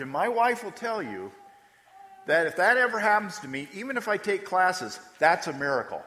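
Pastor, male, fairly high and bright voice, chatty sermon delivery with repeated emphasis, long hall reverb. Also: very animated, a little fast. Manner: conversational preaching, repeats words for emphasis.

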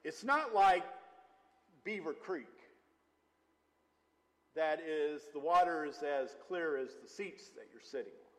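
A man's voice: a little high, expressive, takes it slowly, long pauses. A male pastor preaching a conversational sermon, mixing scripture with personal stories. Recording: long hall reverb.

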